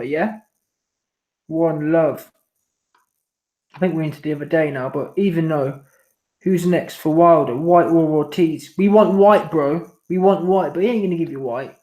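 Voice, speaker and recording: Brief: man, fairly high voice, laid-back slangy streamer, echoey room. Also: a little mellow. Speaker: boxing commentary channel host. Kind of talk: casual live-stream chat reading super chats. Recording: roomy echo.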